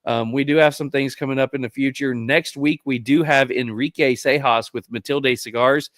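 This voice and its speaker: A man's voice: medium pitch, fairly even intonation, normal speed, a bit bright, no echo. A man hosting a casual podcast, wrapping up the episode in a rambling, affectionate, joking way. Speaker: podcast host. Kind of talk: casual chat.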